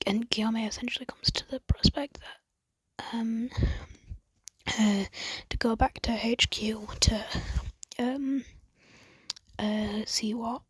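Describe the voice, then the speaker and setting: A woman casually retelling a fan story in a husky voice, rambling with many fillers and mostly whispering. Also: fairly high pitch, fairly even intonation, slow, pauses often, no echo.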